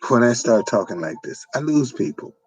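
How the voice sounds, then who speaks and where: A man's voice: medium pitch, animated, normal speed, a little mellow, slightly rough. A man, delivering an informal preaching monologue with repetitive, emphatic phrasing. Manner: repetitive, emphatic, folksy street-preacher cadence. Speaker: online preacher.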